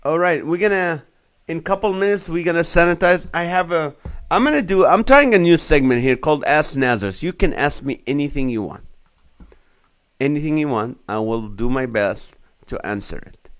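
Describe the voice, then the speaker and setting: A man's voice: on the high side, expressive, moderate pace, clean tone. A man in his forties, a comedian hosting a casual live stream, reading viewer comments aloud and laughing along with their jokes. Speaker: comedian and show host.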